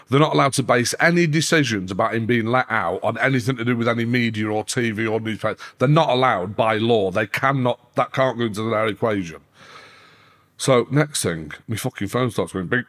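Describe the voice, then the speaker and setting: A man, a podcast guest telling a story in a casual interview, cursing constantly and leaping up in pitch when worked up. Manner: sweary, animated, pitch leaps up when worked up.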